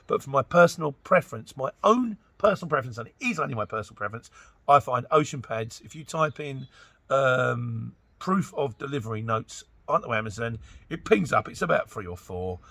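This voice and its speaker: Chatty jokey man from Luton, lively voice. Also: mid-range voice, slightly rough. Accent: Luton English. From Luton, England. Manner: chatty and jokey, rambling asides, mock-quoting others. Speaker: trucker vlogger answering viewer questions. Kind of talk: casual chatty Q&A monologue.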